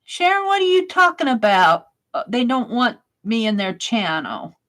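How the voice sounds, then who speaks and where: A woman's voice: fairly high pitch, big pitch swings, moderate pace, fairly bright tone. A woman hosting a casual live stream, chatting and reading viewers' comments aloud, laughing often.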